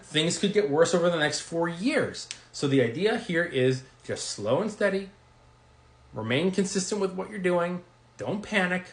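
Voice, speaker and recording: A man giving energetic, reassuring investing advice straight to camera, acting out quick reactions as he goes. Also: fairly high pitch. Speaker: investing video creator. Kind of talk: direct-to-camera finance talk. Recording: roomy echo.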